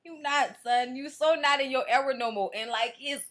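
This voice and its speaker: Woman reviewing reality tv, high bright voice, cussing and ranting, blunt. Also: normal speed. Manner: blunt, profane, animated ranting. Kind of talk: casual commentary.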